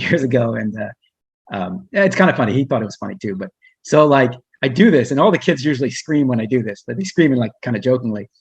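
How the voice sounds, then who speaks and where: A man's voice: medium pitch, breathy edge, dry recording, dull audio. A man who works as a humane educator, giving a casual online presentation with slides, speaking conversationally with many restarts and fillers.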